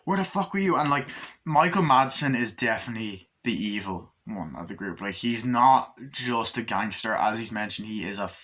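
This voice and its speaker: A man's voice: on the low side, moderate pace. A man giving a casual spoken movie review, rambling through the plot with lots of fillers and swearing. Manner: retells scenes by acting out lines in raised, shouty voices, heavy swearing; rambling, loose, filler-heavy retelling.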